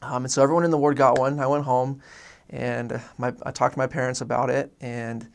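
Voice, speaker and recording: With vocal fry colouring his medium-pitched voice, a young Oregonian recounts his faith story a little fast and without much inflection. He comes across casual and earnest, often restarting and leaning on fillers.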